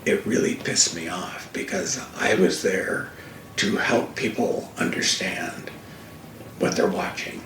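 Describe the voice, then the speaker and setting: Taking his time, an older guest who works as a racing TV commentator relates stories in a lowish voice, animated and emphatic, during a relaxed fireside conversation. He's recorded from afar in an echoey room with a faint hiss.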